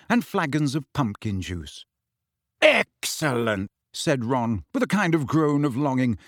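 Guy narrating a storybook, animated delivery, dry booth sound. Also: mid-range voice, no echo. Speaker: audiobook reader. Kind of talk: scripted narration.

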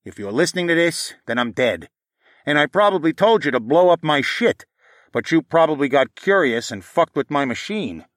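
A man's voice: fairly high pitch, very animated, normal speed, dry recording, studio quality, voice pushed up. A man voicing a paranoid, foul-mouthed male inventor who rants and boasts in a recorded message. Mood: brash. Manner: profane, boastful, ranting.

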